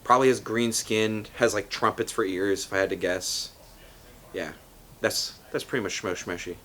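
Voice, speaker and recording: A player narrating an improvised tabletop story in an animated, laughing way. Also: sits low, moderate pace.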